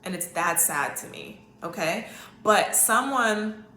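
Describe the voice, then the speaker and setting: A woman's voice: mid-range voice, lively intonation, slow pace, sharp tone, reverberant, slight background noise. A woman hosting her own podcast from home, telling a personal story in a candid, rambling way and often asking "okay?" for emphasis. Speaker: podcast host. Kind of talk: casual storytelling monologue.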